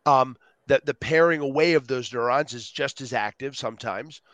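A man on a podcast as a guest, talking with energy and acting out quotes in lively voices. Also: medium pitch, moderate pace, no room sound, lo-fi sound. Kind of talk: animated interview talk.

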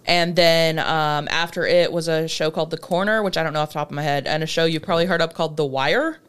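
Chill woman podcast cohost, kinda low voice, swears a lot, laughs easy. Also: steady tone, quick pace, fairly bright tone, clean tone. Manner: laid-back, swears, laughs often. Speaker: podcast co-host. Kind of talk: casual chat.

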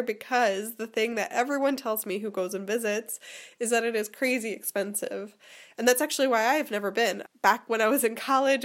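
A woman hosting a podcast with a sick voice, chatting casually and laughing often. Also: fairly high pitch. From Pennsylvania, United States. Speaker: podcast host.

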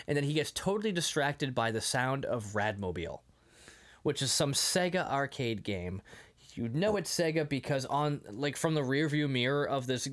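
A man's voice: mid-range voice, normal speed. A man co-hosting a casual podcast, recapping an old film and breaking into goofy impressions of its lines. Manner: animated, acts out film lines in goofy voices. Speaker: podcast co-host. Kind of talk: casual movie-recap chat.

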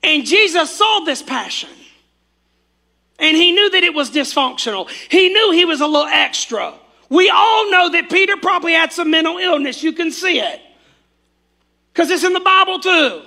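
High, bright-voiced fervent preacher man. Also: expressive, moderate pace. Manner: fervent, calls on the congregation to repeat after him. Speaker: pastor. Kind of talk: sermon.

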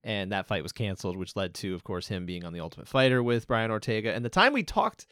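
A man's voice: on the low side, expressive, fast, a bit bright, clear, resonant tone, no echo, studio quality. A man co-hosting a podcast, telling anecdotes in a chatty, casual way. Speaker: podcast co-host.

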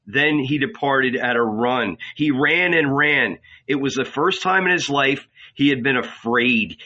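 A man reading an audiobook in measured, dramatic scripted narration. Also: mid-range voice, sharp tone, lo-fi sound.

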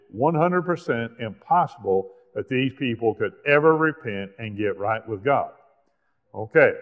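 A man preaching a sermon, slowing down hard to stress scripture passages and pressing each point with emphasis. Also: mid-range voice. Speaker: pastor. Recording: echoey hall, tinny phone-like sound.

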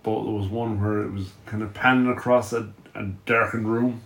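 A man's voice: on the low side, little pitch movement, normal speed, fairly bright tone. A man in a casual chat among friends, making dry, wry remarks.

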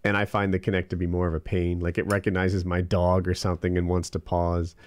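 A man's voice: deep voice, completely flat delivery, brisk. A man in casual chat, laid-back, with dry jokes and hesitant starts. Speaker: co-host.

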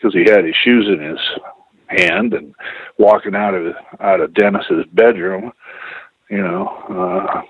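A man's voice: on the low side, lively intonation, slow, creaky, slightly rough, dry recording. A man telling personal stories in a rambling, profane, casual way, full of "you know"s. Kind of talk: casual storytelling. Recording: dull lo-fi radio sound.

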